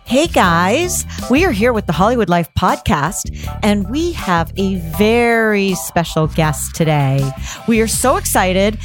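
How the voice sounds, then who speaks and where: A woman's voice: medium pitch, expressive, unhurried, over music. Bubbly woman podcast host. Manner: bubbly and enthusiastic, exclaims in surprise. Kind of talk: podcast interview.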